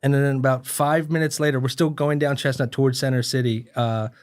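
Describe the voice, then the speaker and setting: A man's voice: mid-range voice, steady tone, fairly quick, a little mellow. A man co-hosting a comedy podcast, rambling through a long anecdote in casual chat. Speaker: podcast co-host.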